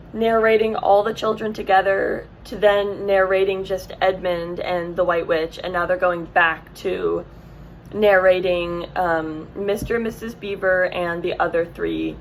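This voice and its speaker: A woman's voice: fairly low pitch, little pitch movement, slow pace, slight background noise, low-quality recording. A woman reading a children's book aloud, with casual asides and self-corrections. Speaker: reader.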